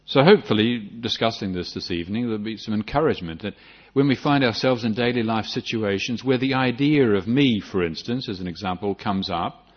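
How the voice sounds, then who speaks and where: A man's voice: on the low side, fairly quick, hardly any pauses. An older man, a Buddhist monk giving a reflective dharma talk with frequent restarts and light humor. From New Zealand. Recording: dull lo-fi recording.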